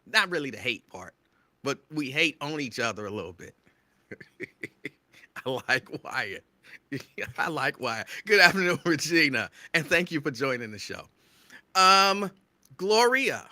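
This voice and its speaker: Radio host, male, excitable near-yelling delivery, very bright voice, dry close mic. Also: fairly high pitch, no room sound. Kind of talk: live show shout-outs to listeners.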